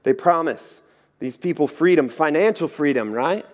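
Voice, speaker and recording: A man preaching a sermon, telling stories in a lively way and acting out the voices in them. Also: fairly high pitch, moderate pace. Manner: lively storytelling, acts out voices. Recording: echoey hall.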